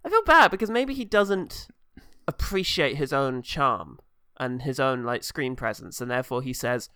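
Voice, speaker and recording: A man's voice: mid-range voice, expressive, normal speed, bright, forceful tone, clear, resonant tone, no echo, studio quality. A man co-hosting a podcast, chatting casually about films, joking and laughing often. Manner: jokey, laughs often, rambling with fillers. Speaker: podcast co-host. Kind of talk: casual film review chat.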